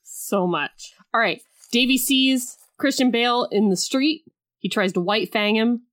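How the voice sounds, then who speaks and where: A woman co-hosting a podcast, chatting casually about a film, animated and joking, often breaking into quick laughs. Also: a little high. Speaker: podcast co-host.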